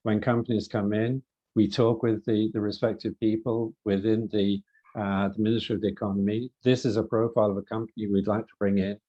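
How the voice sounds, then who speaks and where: A retired government official giving measured introductory remarks at a startup event. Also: male voice, lowish voice, level tone. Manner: measured, hesitant restarts. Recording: muffled audio.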